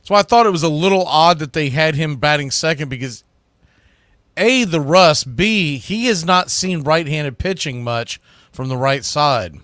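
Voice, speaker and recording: A man's voice: fairly high pitch, expressive, unhurried, fairly bright tone, dry recording, clean studio sound. A man calling live baseball play-by-play who often corrects himself mid-sentence.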